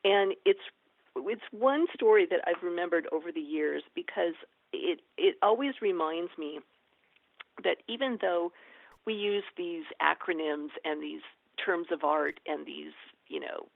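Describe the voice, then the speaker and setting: A woman, an experienced ER nurse and educator, telling stories in a lively conversational interview and acting out the dialogue. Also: on the low side, measured pace, vocal fry, no echo. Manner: lively, animated storyteller acting out quoted dialogue. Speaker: ER nurse and educator, podcast guest. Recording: tinny phone-like line, dry.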